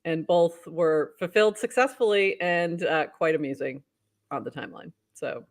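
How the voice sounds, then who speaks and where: A woman's voice: low-pitched, moderate pace. A woman co-hosting a casual talk show, upbeat, reading posts aloud and laughing often. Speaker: podcast co-host. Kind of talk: casual news roundup chat.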